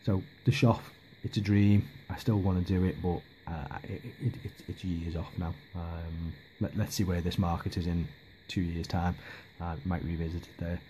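A man's voice: deep voice, steady tone, normal speed, hardly any pauses, dark tone, a little hiss or hum. A man giving a casual, rambling hobby update, hesitant with lots of ums and restarts. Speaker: miniature hobby vlogger.

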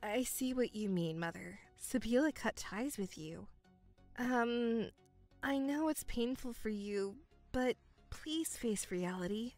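A woman voicing a calm, cold young stepdaughter in a dramatized story, speaking in a measured, coolly firm way. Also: on the high side, faint music behind, pitched below the performer's own voice.

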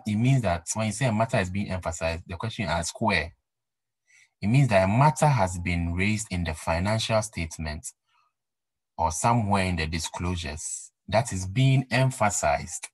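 A man's voice: deep voice, slightly rough, no echo, rough recording. A man giving a recorded accounting lecture, repeating key points and asking rhetorical questions to stress them. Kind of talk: recorded exam-prep lecture.

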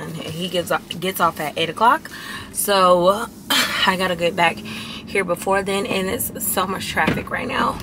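A young woman with a raspy voice, chatting excitedly in a casual vlog. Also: fairly low pitch, a little hiss or hum, poor audio. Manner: chatty, excited, lots of fillers. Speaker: vlogger.

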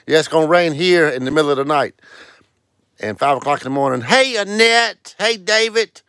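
A man's voice: on the high side, animated, a little fast, a bit bright, no room sound, clean studio sound. A man hosting a casual live stream, greeting viewers one by one in a sing-song way and calling out scratch-ticket numbers. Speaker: livestream host.

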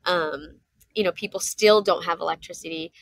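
A woman in her thirties, a podcast guest, telling a story in casual conversation and acting out what people said with lively jumps in her voice. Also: moderate pace. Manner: animated, acts out quotes with jumps in pitch.

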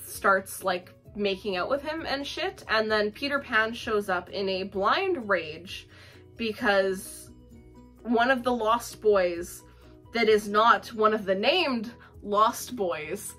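A woman's voice: mid-range voice, slow pace, fairly bright tone, faint music behind. A young woman giving a casual, profane book review, full of fillers and laughter.

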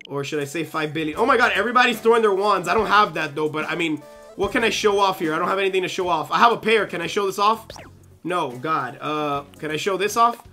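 Hyped young guy streaming a game, bright forceful voice, bit high, faint game music behind. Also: brisk. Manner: excitable, fidgety, keeps saying "yo" and "hold up". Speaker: gaming streamer. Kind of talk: casual live-stream chat while playing.

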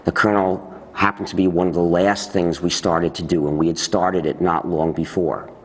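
A man explaining deliberately in a documentary interview, his pitch jumping up when he stresses a point. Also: flat delivery, husky, big-room sound. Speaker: interviewee, software movement founder.

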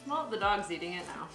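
A woman co-hosting a casual home eating vlog, dropping dry, teasing quips. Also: lowish voice. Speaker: co-host. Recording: roomy echo with music behind.

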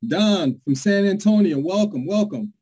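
A man's voice: high voice, lively intonation, a little slow, dark tone, slightly rough, rough recording. A man from New York hosting a live online presentation, upbeat and hyped as he greets viewers by name. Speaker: webinar host.

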